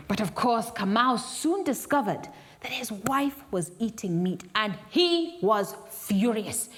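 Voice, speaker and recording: A woman's voice: a little high, lively intonation, takes it slowly. A woman performing a live interactive story, dramatic with whispers and gasps.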